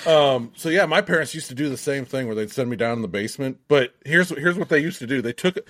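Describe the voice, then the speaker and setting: A man's voice: mid-range voice, animated, fast talker. A man on a podcast, bluntly telling a profane story about his parents' punishments. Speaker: podcast co-host. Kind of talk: casual chat.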